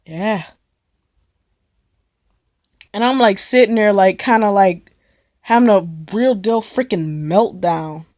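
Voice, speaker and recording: A woman's voice: mid-range voice, unhurried, a little mellow, no room sound, studio quality. Young woman rambling through a story. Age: young adult. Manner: rambling, breathless retelling with many likes and repeats. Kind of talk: casual storytelling vlog.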